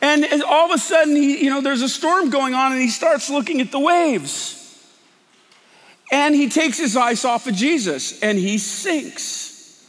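A man's voice: extremely high pitch, measured pace, a bit bright, in a large hall. A man preaching a sermon as pastor, talking in a conversational, emphatic way.

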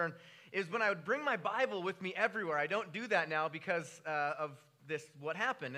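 High bright-voiced male pastor preaching. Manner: animated storytelling, pitch jumping when excited. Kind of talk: sermon.

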